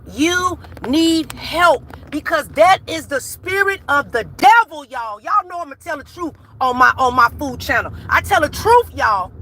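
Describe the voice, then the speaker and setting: High, bright-voiced woman preaching from her car. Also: animated, a little slow, few pauses, a little hiss or hum. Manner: emphatic and repetitive, calls out the audience as y'all. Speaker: food channel host. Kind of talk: impassioned preaching-style talk to viewers.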